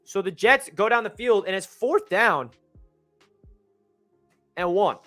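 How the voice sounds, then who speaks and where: A young man hosts a fan channel game recap, talking fast and excitedly, often circling back to correct details. His voice sits high and sounds bright and forceful. Faint music plays underneath. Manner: energetic, rambling, self-correcting. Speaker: sports fan channel host.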